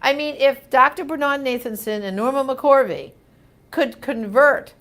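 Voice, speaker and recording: A woman's voice: high-pitched, unhurried, fairly bright tone. A woman hosting a live question-and-answer show, reading viewer comments and answering in an emphatic, indignant, chatty way.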